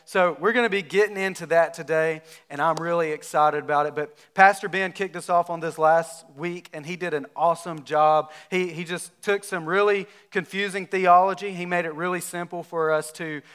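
A man, a pastor from North Alabama, preaching a sermon in a relaxed, conversational storytelling way. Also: a little high, normal speed, few pauses, clear, resonant tone.

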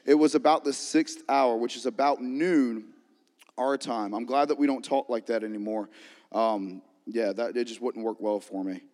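A man preaching a sermon as a pastor, energetic, with call-and-response lines to the congregation. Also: mid-range voice, normal speed. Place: church sanctuary. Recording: long reverb of a large hall.

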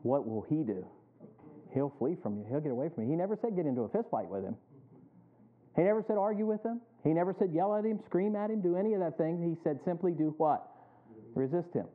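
A male pastor preaches, often stopping mid-sentence so the congregation can finish it. His voice sits fairly high. The sound is thin and narrow, like it came over a phone line. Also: big pitch swings, brisk. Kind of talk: sermon with call-and-response questions.

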